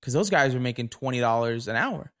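A man's voice: mid-range voice, expressive, fairly quick, a bit bright. A young man hosting a podcast, telling stories in a casual, profane, indignant rant into a camera mic. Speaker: podcast host. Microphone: camera recording.

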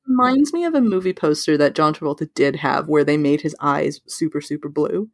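A woman co-hosting a podcast, chatting casually about a film, with lots of "like" fillers and big pitch leaps when she quotes her own thoughts. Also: animated, fairly quick, dry recording. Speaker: podcast co-host. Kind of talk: casual movie discussion.

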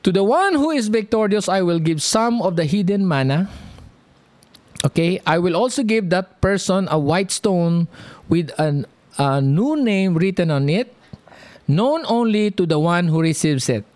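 A man preaching a sermon, talking slowly and animatedly and checking in with the audience often. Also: high-pitched, dry recording. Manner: lively, animated, drawn-out delivery, frequent "okay?" check-ins. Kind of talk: sermon teaching.

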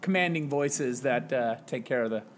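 A man who teaches high school English, a podcast guest telling self-deprecating, animated stories in casual chat. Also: normal speed, slight background noise. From Wisconsin, US.

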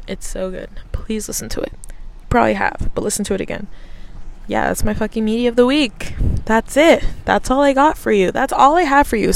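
Rambling, foul-mouthed young woman podcaster. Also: medium pitch. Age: 20s. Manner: rambling, swears a lot, offhand and self-mocking. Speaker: podcast host. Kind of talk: casual solo podcast chat.

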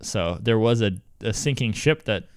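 A man's voice: fairly low pitch, animated, moderate pace, clear, resonant tone, dry recording, clean studio sound. A man co-hosting a casual podcast, chatting and laughing as he recaps an episode and quotes the characters. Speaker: podcast co-host.

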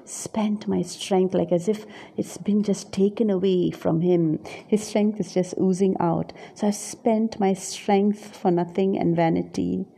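Gravelly, husky woman giving a sermon. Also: mid-range voice, fairly even intonation, a little slow, few pauses, mellow. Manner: musing, searching for words with many fillers. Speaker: preacher. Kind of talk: reflective scripture sermon.

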